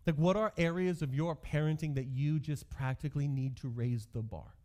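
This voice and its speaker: A man's voice: on the high side, normal speed, warm tone. A male pastor in his thirties giving a sermon, telling stories from his youth with self-deprecating humor.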